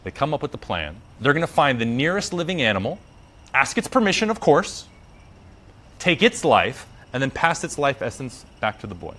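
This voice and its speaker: A yoga teacher with a medium-pitched voice tells a story at a moderate pace. He's casual, slangy, and animated, acting out the characters as he goes.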